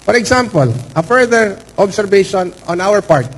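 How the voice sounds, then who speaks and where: A man with a Filipino accent, a lawyer making a formal, measured statement to a hearing board, stressing key words. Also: high voice, animated, a bit bright, rough recording. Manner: measured, formal, repeats for emphasis.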